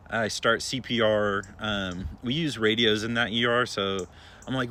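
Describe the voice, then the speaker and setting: A young man, an emergency room nurse, telling a story to his followers in a chatty, relaxed way with lots of filler words. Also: on the low side, a little slow, a little hiss or hum.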